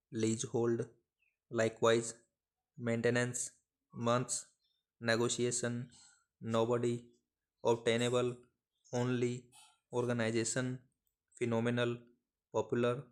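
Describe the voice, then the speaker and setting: A man reading out short phrases and single words one by one for shorthand dictation practice, in a measured, even delivery. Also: mid-range voice. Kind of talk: slow dictation of word lists.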